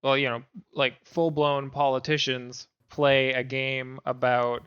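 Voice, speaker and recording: A man's voice: mid-range voice, flat delivery, measured pace, a bit bright, clean tone, dull audio. A man co-hosting a gaming podcast, chatting casually with lots of fillers and restarts. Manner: rambling, many fillers and restarts. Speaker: podcast co-host. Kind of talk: casual chat.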